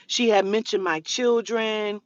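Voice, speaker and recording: A woman's voice: mid-range voice, fairly even intonation, measured pace, no echo, muffled recording. Profane, indignant woman ranting to camera. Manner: profane, indignant, mimicking the other person. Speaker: spiritual reader. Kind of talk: heated storytime rant to camera.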